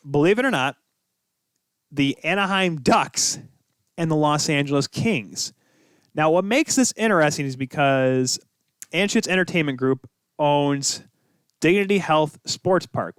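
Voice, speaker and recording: A young man hosts a sports podcast on his own, rambling and thinking out loud, his voice leaping upward whenever he gets excited. His voice sits a touch high and sounds smooth and resonant. The recording is dry, with no room sound. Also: no room sound. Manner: rambling, thinks aloud, pitch jumps up when excited. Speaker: podcast host. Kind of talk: solo sports podcast talk.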